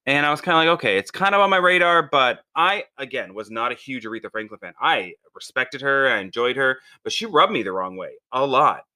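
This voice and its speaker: A man co-hosting a podcast in casual chat, an animated storyteller who swings his voice up when quoting people. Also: medium pitch, a little fast, few pauses. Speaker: podcast co-host.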